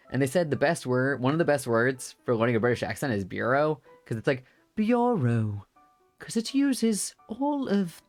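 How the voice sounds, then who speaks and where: A man streaming a game, chatting casually about voice work in a rambling, laughing way with many fillers. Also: medium pitch. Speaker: streamer and voice actor.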